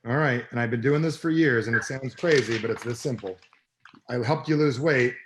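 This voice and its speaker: A man's voice: mid-range voice, fairly quick, background noise. A middle-aged man, a personal development coach, talking bluntly and emphatically in an interview. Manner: emphatic, blunt, swears freely. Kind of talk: energetic interview talk.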